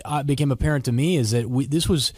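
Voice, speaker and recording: A man's voice: medium pitch, fast talker, darkish tone, husky, no room sound, clean studio sound. A man hosting an interview conversation, reflective and supportive as he responds to his guest. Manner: reflective, supportive, some restarts. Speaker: podcast host.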